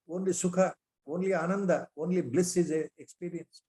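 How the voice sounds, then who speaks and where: A man's voice: a little high, normal speed, a little mellow. A man with an Indian English accent giving a spiritual lecture on scripture, repeating rhetorical questions and weaving in Sanskrit terms.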